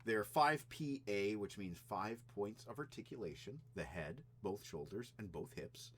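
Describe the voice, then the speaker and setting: A man hosting a rock music vlog, telling anecdotes in a chatty, animated way. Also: fairly low pitch, unhurried, slight background noise. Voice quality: animated, chatty storyteller who does little sound effects. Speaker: host of a rock music video channel. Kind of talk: casual storytelling vlog.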